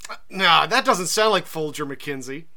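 A man co-hosting a podcast in casual comedic chat, cracking jokes and quick asides. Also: a little high, lively intonation, crowd noise. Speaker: podcast co-host.

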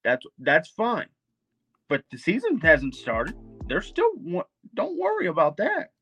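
Co-host type, man with a slightly raised pitch, pushy and sure of himself, faint music underneath. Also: huge pitch swings, unhurried, bright, forceful tone, husky. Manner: insistent, confident. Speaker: podcast co-host. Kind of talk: casual sports debate.

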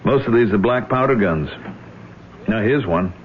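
A man's voice: on the low side, animated, normal speed, close to an everyday voice. A man playing a tormented middle-aged man haunted by a killing he cannot remember, by turns brooding and anguished, on an old radio broadcast. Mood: friendly. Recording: tinny old radio broadcast with faint hiss.

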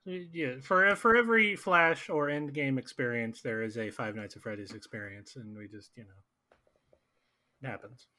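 A man's voice: mid-range voice, moderate pace, bright, forceful tone. A man on a movie podcast panel, dropping wry quips in casual chat.

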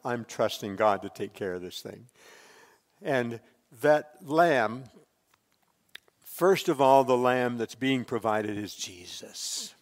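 A man preaching a sermon as pastor, swelling loud and dropping soft as he tells a Bible story. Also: mid-range voice, big-room sound.

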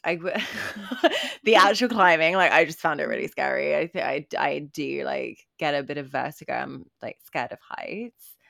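Woman podcast host, deep and gravelly, halting speech, dry close sound. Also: fairly bright tone, dry recording. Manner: hesitant, halting with restarts. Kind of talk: casual conversation.

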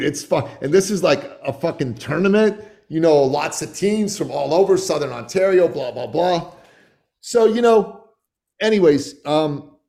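A man in his forties, a podcast guest, telling stories in a loose, animated way with lots of swearing. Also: a little high, vocal fry. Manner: profane, animated storytelling. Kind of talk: casual podcast storytelling.

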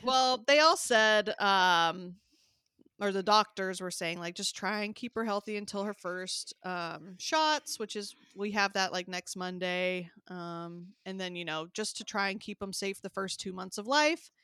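A Southern American woman in her thirties co-hosts a podcast, chatting casually, laughing often and saying "like" a lot. Her medium-pitched voice is sharp, clear and resonant, with a measured pace and dry, studio-quality sound.

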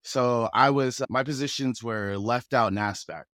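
A man from the Pacific Northwest, a guest telling stories in a relaxed, casual way, often chuckling. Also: mid-range voice, measured pace, dry recording, studio quality. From Pacific Northwest, USA. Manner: relaxed, chuckles often, acts out quoted voices. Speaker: guest, rapper and actor. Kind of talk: casual conversational storytelling.

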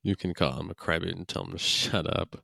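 A man's voice: sits low, level tone, quick pace, gravelly, sharp tone, dry recording, studio quality. A young man co-hosting a podcast, laid-back and swearing casually as he chats about a cartoon. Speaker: podcast co-host. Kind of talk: casual chat.

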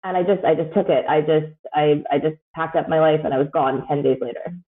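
Over a tinny line that sounds like a phone, this podcast guest talks fairly quickly in a low voice with fairly even intonation. She's a Canadian woman in her thirties, chatting casually and rambling, with lots of fillers and frequent laughs.

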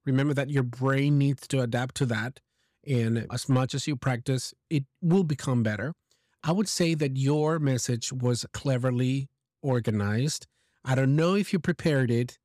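A man's voice: medium pitch, normal speed, a little mellow, no echo, studio quality. A man hosting an English lesson, giving encouraging feedback on a listener's message and explaining pronunciation with examples. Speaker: English teacher and podcast host.

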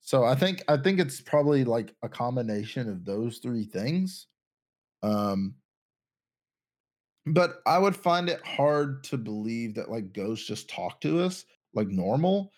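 A man's voice: medium pitch, sing-song, a little slow, a little mellow. A young man co-hosting a casual podcast chat, rambling and thinking aloud with lots of restarts. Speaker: podcast co-host.

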